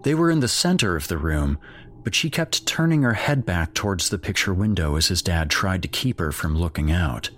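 A man reading a horror story aloud as its narrator in a measured, grave storytelling manner. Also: deep voice, expressive, a bit bright, slight background noise.

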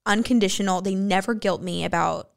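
A woman co-hosting a chatty podcast, with a gravelly, creaky edge to her voice. She talks candidly and gets emotional, dropping swear words as she goes. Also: mid-range voice, brisk. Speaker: podcast co-host. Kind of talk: casual podcast chat.

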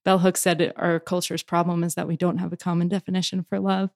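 Thoughtful, low-voiced woman poet. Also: flat delivery, creaky, darkish tone, dry recording, clean studio sound. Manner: thoughtful, searching, halting restarts. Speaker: poet and author, guest. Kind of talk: reflective interview answers.

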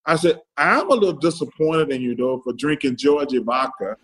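Middle-aged man, podcast guest who tells stories in quoted dialogue, voice pitched slightly high. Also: normal speed, fairly bright tone, slight background noise, low-quality recording. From Alabama, US. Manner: retells stories in quoted dialogue, keeps repeating "I said". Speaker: podcast guest, former pro athlete. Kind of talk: casual storytelling.

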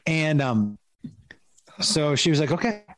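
A man's voice: fairly high pitch, very animated, measured pace, no room sound. A middle-aged man and comedian telling a funny story, laughing often and acting out the voices of the people in it. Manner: acts out quoted voices. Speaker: comedian guest. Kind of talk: animated comic storytelling.

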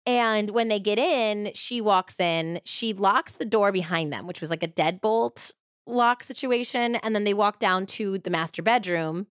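A woman's voice: medium pitch, unhurried, no room sound, studio quality. A woman hosting a podcast, telling a true-crime story in a casual, chatty way with many "like" fillers. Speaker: podcast host.

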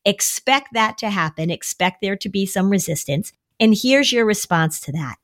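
A woman's voice: lively intonation, normal speed, hardly any pauses. A middle-aged woman therapist on a podcast, explaining to parents how to respond to a child's worry and now and then mimicking a whiny child. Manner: warm, coaching, acts out kids' voices in a high whine. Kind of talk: conversational advice podcast.

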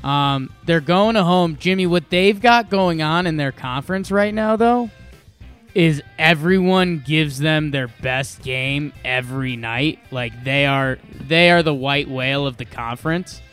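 A man's voice: a little high, a little slow, a bit bright, clear, resonant tone, faint music behind. A man co-hosting a podcast, chatting casually about sports bets in a rambling, joking way with many restarts. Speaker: podcast co-host making betting picks.

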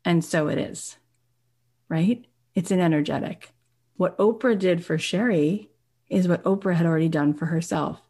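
Female host-coach, low voice, emotional and effusive, motivational talk full of casual fillers. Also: normal speed, dark tone, husky. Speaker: business coach and podcast host.

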